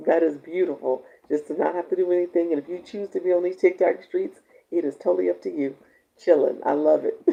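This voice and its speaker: Gravelly, dark-voiced woman chatting on a live stream. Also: low-pitched. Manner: chatty, laughs often, reads viewer comments aloud. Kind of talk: casual live-stream chat with viewers. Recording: dull lo-fi stream audio.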